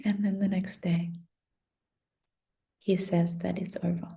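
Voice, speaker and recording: Young woman telling a raw personal story, low and gravelly, cussing constantly, goes whispery. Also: little pitch movement, slow pace, warm tone. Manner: emotional, heavy swearing, drops into whispers. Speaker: spiritual content creator. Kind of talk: confessional storytelling to camera.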